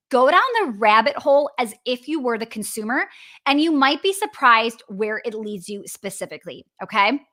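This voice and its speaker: Wisconsin-accented woman, business coach host; high, bright, chatty and upbeat, checking in with her audience. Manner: chatty, upbeat, peppers talk with "right?" and "okay?". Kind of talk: live coaching session answering viewers.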